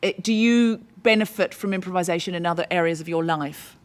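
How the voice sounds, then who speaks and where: A woman's voice: on the low side, brisk. A woman moderating a live post-show panel on a theatre stage, fielding and relaying audience questions. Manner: asks questions and relays them.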